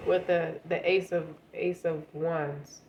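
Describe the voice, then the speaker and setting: Her voice is fairly low, level, and darkish as she slowly gives a casual tarot reading, sounding stuffy from a cold. Talking conversationally and directly to the listener, she repeats words often. The audio is dull, with a little hiss or hum.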